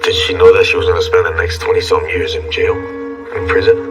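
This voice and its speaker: A man giving a reflective, measured documentary interview recollection. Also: deep voice, little pitch movement. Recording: distant mic with music underscore.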